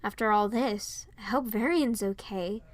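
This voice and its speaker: A woman voicing a kind young princess who speaks softly and soothingly, reading fan fiction aloud. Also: on the high side, moderate pace, dry recording, close to an everyday voice. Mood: gentle. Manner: soft and soothing.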